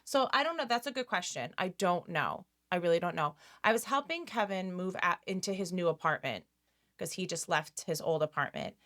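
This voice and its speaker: A woman's voice: lowish voice, expressive, fairly quick, fairly bright tone. A middle-aged woman speaking as a guest in a casual conversation. She talks candidly and hesitantly, and laughs easily.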